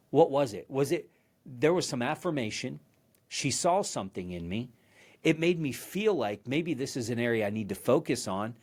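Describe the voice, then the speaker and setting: A man hosting a podcast, giving a motivational leadership talk in an earnest storytelling manner, often restarting and repeating words. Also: medium pitch. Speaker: podcast host.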